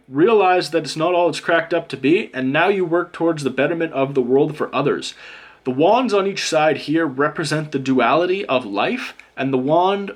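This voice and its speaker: A man giving a casual pick-a-card tarot reading. He speaks straight to the viewer in a blunt, joking way, swears freely and drops in mock-sarcastic asides. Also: fairly high pitch. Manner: talks straight to the viewer as "you". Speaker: tarot reader.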